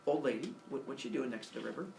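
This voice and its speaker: A man's voice: mid-range voice, racing, vocal fry, a little mellow, reverberant, distant mic, a little hiss or hum, natural voice. A man voicing an eager young hero who talks in casual, offhand modern phrases.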